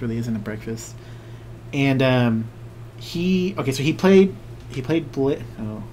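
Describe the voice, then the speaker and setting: A man's voice: medium pitch, darkish tone, a little hiss or hum. Rambling, laughing man on a podcast. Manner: rambling storyteller, acts out quotes, laughs often. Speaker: podcast co-host. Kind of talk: casual chat.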